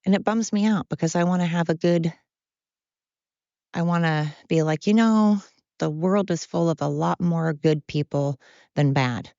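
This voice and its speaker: Low-voiced woman rambling candidly. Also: normal speed, vocal fry, dark tone, no echo, dull audio. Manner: rambling, blunt and self-deprecating. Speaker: podcast host. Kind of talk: candid monologue.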